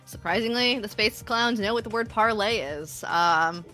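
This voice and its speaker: A woman running a tabletop game as game master, chatty and quick to laugh. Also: medium pitch, pushed and bright, soft background music. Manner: laughs often, loose and chatty narration.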